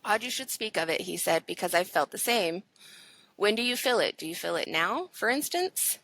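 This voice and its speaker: A woman's voice: medium pitch, animated, normal speed, fairly bright tone, no echo, rough recording. A woman podcast co-host reading a ghost story aloud to her friends, with laughs in between. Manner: reads expressively, laughs easily.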